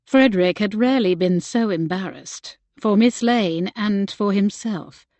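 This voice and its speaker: A woman reading a novel aloud as audiobook narrator, in measured, unhurried storytelling. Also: medium pitch, a little mellow, no echo. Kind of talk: scripted narration.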